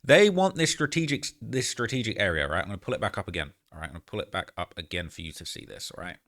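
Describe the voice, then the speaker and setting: A man's voice: low-pitched, quick pace. A man giving casual, slangy political commentary, constantly checking in with "all right?". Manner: slangy, animated, keeps tagging lines with "all right?".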